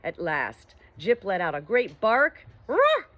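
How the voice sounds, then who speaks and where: Gentle woman reading a storybook. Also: on the low side, lively intonation, slow, dull audio. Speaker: audiobook reader. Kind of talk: storybook narration.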